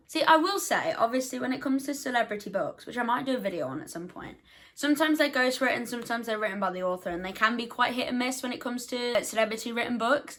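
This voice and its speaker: A young woman chatting to camera as a book vlogger. She talks in a self-deprecating way and fires off quick, defensive asides. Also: a little high, bright, forceful tone. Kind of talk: casual chat to camera.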